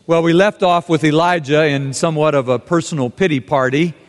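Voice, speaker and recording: Male pastor, sermon reading, fairly high voice, dramatic swells, long church reverb. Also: brisk. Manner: dramatic reading, voice rising and dropping with the text. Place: church sanctuary.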